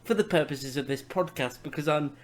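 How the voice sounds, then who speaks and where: A man's voice: a little high, fairly quick. A man hosting a casual review podcast, enthusiastic and self-deprecating. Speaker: podcast host.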